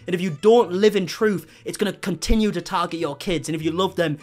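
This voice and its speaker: A man's voice: high voice, fairly quick, few pauses. Sarcastic swearing man reacting to clips. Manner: sarcastic, incredulous, swears often. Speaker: commentary YouTuber. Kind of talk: reaction commentary.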